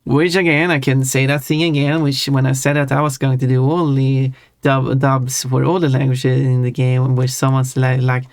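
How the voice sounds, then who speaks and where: A Swedish-accented livestreamer talks things through in a loose, chatty way, backtracking and rephrasing as they explain. The voice sits at an ordinary middle pitch, and the sound is dry and close with no room echo. Soft music plays faintly underneath. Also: little pitch movement, moderate pace, few pauses. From Sweden. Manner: chatty and explanatory, thinks aloud with restarts. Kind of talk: casual live-stream chat. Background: faint background music.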